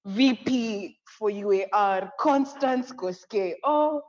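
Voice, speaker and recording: A woman's voice: mid-range voice, takes it slowly. Effusive young Kenyan woman, echoey lo-fi audio. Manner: effusive, excitable, laughing often. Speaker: conference co-host. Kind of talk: live online event hosting.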